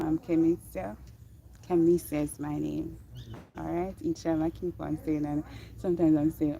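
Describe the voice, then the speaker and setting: A woman's voice: low-pitched, flat delivery, moderate pace, creaky, warm tone. Chatty Jamaican woman outdoors. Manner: chatty, rambling, laughs often. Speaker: vlogger. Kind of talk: live-streamed walking vlog. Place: outdoors on a quiet mountaintop. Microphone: phone held in hand. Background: birds chirping.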